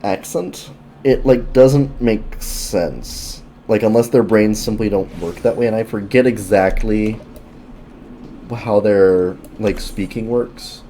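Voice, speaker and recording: A man's voice: fairly low pitch, slow pace, mellow, slight background noise. A man streaming a game, talking casually in rambling asides full of fillers. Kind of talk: casual gameplay commentary.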